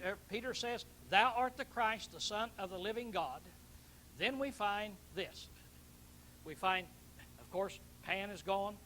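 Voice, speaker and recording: A man's voice: high voice, sharp tone, slight background noise, rough recording. A man preaching a Bible teaching sermon, emphatic, repeating key words and questioning his listeners.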